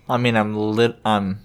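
A man's voice: lowish voice, smooth. Laughing, chatty male podcast host. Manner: animated, laughs often, acts out quoted dialogue. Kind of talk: casual sports chat.

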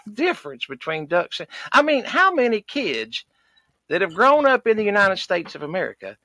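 Man putting on a folksy hunter character, exasperated rant, bright voice, swoops all over, dry sound. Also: a little high, dry recording, exaggerated voice. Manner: folksy, exasperated ranting with sighs and country grammar. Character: loud rural Southern male duck hunter, cranky, folksy. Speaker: recurring comedy character. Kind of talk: comedic podcast rant.

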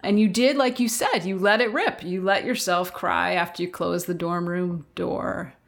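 A woman hosting a casual conversation, reflective and quick to laugh. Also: lowish voice, fairly even intonation, vocal fry.

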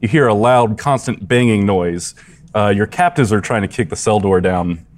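A man as game master narrating a tabletop role-playing game in a relaxed way, often laughing with his players. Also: lowish voice, moderate pace.

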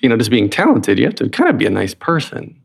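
A man's voice: medium pitch, huge pitch swings, quick pace, creaky, husky. A man hosting a podcast interview, chatty and rambling, often restarting his sentences. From North Carolina. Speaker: podcast host. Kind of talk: casual interview chat.

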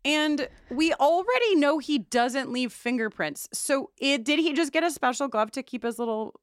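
A woman's voice: high voice, normal speed, dry recording, clean studio sound. A woman co-hosting a podcast, recapping a TV episode in casual chat, swearing freely and acting out lines from the show. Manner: swears freely, animated retelling with quoted lines. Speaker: podcast co-host.

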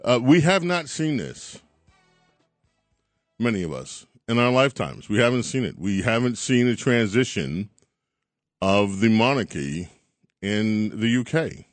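A man hosting a talk radio show, chatting in an animated, chuckling monologue. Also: on the low side, measured pace, pauses often, no room sound, soft background music. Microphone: studio mic.

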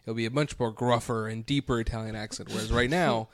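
A man's voice: medium pitch, fairly even intonation, quick pace, background noise. A man co-hosting a comedy podcast, adding wry, ironic commentary. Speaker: podcast co-host. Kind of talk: casual comedic chat.

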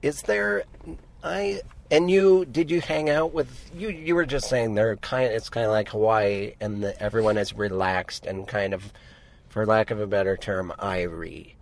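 A man's voice: on the low side, unhurried. A middle-aged man from Montana, co-hosting a podcast, who tells long rambling stories that stop and restart. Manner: rambling, self-interrupting storyteller. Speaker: podcast co-host. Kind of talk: casual chat.

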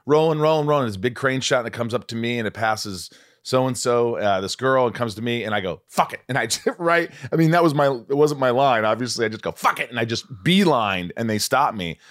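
A man's voice: mid-range voice, fairly quick. A man hosting an interview, asking probing questions and telling his own stories in a casual chat. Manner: probing, lively questioner and storyteller. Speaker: podcast host, actor.

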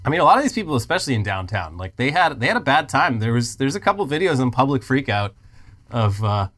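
A man's voice: mid-range voice, sing-song, quick pace, a bit bright. A man co-hosting a comedic news chat, reading news reports aloud and breaking in with jokey asides. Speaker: co-host.

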